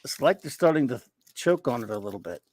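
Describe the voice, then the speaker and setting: A man's voice: medium pitch, animated, fast, a little mellow, dry recording. A man in casual chat as a podcast co-host, blunt and sarcastic.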